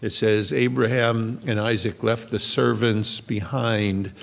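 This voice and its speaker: A man's voice: on the low side, little pitch movement, takes it slowly, creaky, big-room sound. A middle-aged male pastor preaching a sermon in a large church, reading scripture aloud with earnest explanation.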